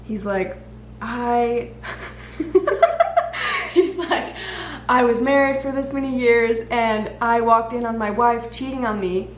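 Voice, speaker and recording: Laughing storyteller woman, lively chat. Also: a little high, slow pace. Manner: animated, laughs often while telling stories. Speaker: guest. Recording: echoey room with faint background noise.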